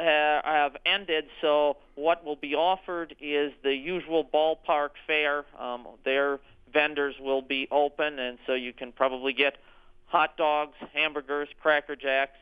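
A man's voice: on the high side, clean tone. Hesitant man on a tinny phone line. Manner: hesitant, many ums and restarts. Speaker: orchestra executive director. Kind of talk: radio interview, answering questions.

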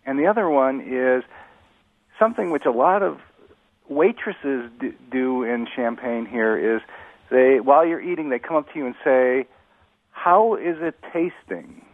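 A man's voice: medium pitch, animated, moderate pace, dry recording. A man phoning into a radio show, casually airing complaints about language in a slightly rambling way. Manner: casual, a bit rambling with hedges. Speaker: caller. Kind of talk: radio call-in. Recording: phone line.

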